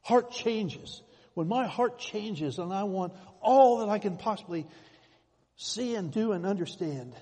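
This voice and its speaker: A man preaching in a slightly high, husky voice that rises into emphatic swells as he tells his stories. The sound rings with the long reverb of a church hall. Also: expressive, measured pace, mellow. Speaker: pastor. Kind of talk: sermon.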